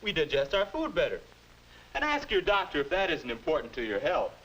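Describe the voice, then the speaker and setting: Casual: preachy old-school manners teacher, bright and bouncy, kinda high. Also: male voice, wildly swooping pitch, brisk, a little hiss or hum, low-quality recording. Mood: lecturing. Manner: earnest, instructive, moralizing. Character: prim adult man lecturing a teen on manners. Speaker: educational film narrator playing the grown-up future self. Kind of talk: 1950s educational film acting.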